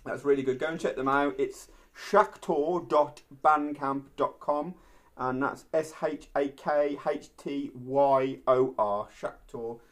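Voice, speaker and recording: A man's voice: mid-range voice, fairly even intonation, slow. Man, tipsy podcast host, rambling, jokey, laughs a lot. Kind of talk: casual chat.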